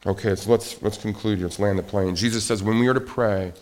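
A middle-aged man preaching a sermon, rising to loud emphatic peaks and dropping to quiet, confessional lows. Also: steady tone, brisk. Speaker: pastor.

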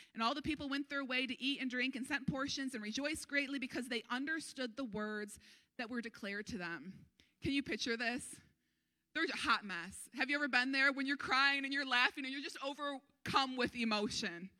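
A woman pastor preaching a sermon, earnest and animated, urging her congregation on. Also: moderate pace. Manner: animated, acts out crowd voices with sudden high pitch.

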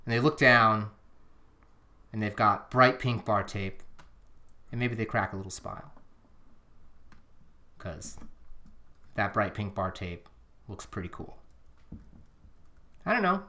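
An earnest podcast co-host talking casually, looping back and restarting thoughts. The pitch sits mid-range, and the voice sometimes drifts away from the microphone. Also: animated, slow, pauses often, bright, forceful tone. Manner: rambling, self-interrupting, earnest. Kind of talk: casual chat. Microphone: drifting off the microphone at times.

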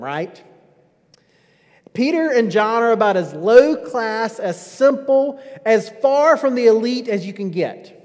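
A man preaching a sermon, emphatic and full of rhetorical questions, often dropping low at the ends of phrases. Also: a little mellow. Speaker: pastor. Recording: long hall reverb.

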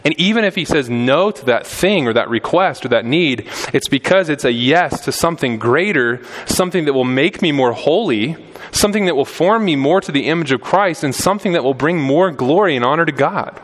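Conversational preacher in a reverberant hall. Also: male voice, a little high, expressive, a little fast. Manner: conversational preaching, rising intensity on key points. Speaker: pastor. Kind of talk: sermon.

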